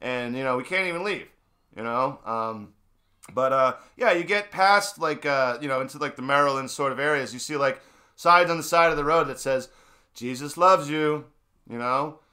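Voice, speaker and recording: A man's voice: medium pitch, normal speed, pushed and bright. A man in a casual political chat, ranting and swearing, mocking the people around him. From New England. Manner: ranting, profane, mocking voices. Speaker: stream co-host.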